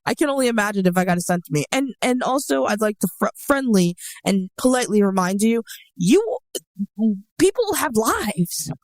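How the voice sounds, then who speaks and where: A woman's voice: medium pitch, fast talker, few pauses, no room sound. A young woman co-hosting a dating advice show, talking in a blunt, sarcastic way and swearing freely. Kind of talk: casual chat.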